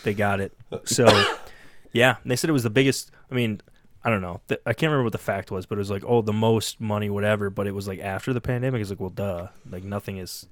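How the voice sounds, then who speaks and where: A man co-hosting a podcast, talking in a rambling, sarcastic way with many pauses and fillers. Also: fairly low pitch, a bit bright. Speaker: podcast co-host. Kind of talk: casual podcast chat.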